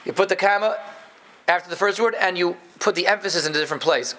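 A man teaching a live Torah class to a group, animated and emphatic, dropping into low asides and playful jokes with his students. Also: fast. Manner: animated, emphatic, jumps between loud stresses and low asides.

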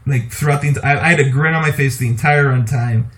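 A man co-hosting a podcast, talking casually about movies in an animated, opinionated way and laughing often. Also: medium pitch, fast. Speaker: podcast co-host.

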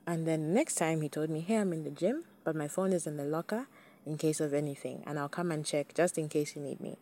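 A young woman talks openly and chattily to her audience on her casual solo podcast. Her low, mellow voice moves at a fairly quick pace.

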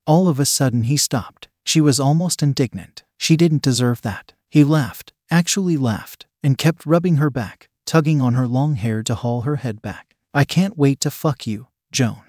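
A man narrating an adult romance story at a steady, unhurried pace. His voice sits in an ordinary middle pitch, and the recording is dry and close. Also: dry recording.

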